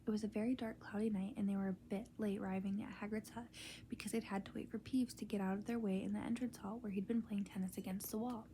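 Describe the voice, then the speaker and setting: A woman reading a storybook aloud in a soft, unvoiced ASMR whisper. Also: medium pitch, steady tone, fast talker, slight background noise.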